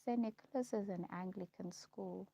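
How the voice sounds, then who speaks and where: A young woman telling her life story in a casual vlog, repeating herself and pausing with ums as she lists memories. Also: medium pitch, gravelly, mellow, husky. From South Africa. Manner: repetitive, listing recollections with frequent ums. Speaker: vlogger. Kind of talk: personal storytelling. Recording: dull lo-fi recording.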